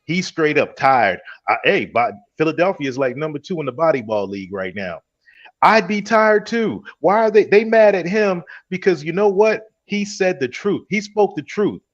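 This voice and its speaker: Man, provocative debater, needling tone, slightly high pitch, dull lo-fi sound. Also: sing-song, normal speed. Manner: provocative, needling, acts out other people's voices. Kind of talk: heated debate on a talk show. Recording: dull, lo-fi audio.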